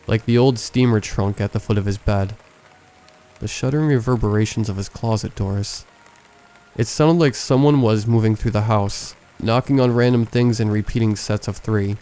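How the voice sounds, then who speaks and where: A man with a low, mellow voice narrates a horror story in a measured, hushed way. Soft music plays faintly underneath his scripted reading. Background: faint background music.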